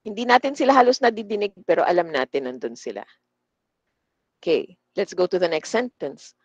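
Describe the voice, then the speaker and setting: A woman with a Filipino accent leads a class over a video call. Her voice is a little husky and comes through flat and muffled, with no room sound. She mixes English and Tagalog and slows down to sound out example sentences. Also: medium pitch, dry recording. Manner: switches between English and Tagalog; slow, deliberate demonstrations of word stress. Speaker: trainer. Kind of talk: online class instruction. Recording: dull, dry video-call audio.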